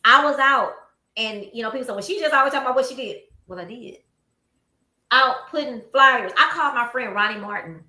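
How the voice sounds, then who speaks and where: Speaking briskly in a fairly high voice, a Southern US woman serves as host of a casual conversation. Her storytelling is animated, complete with acted-out quotes, recorded in an echoey office room.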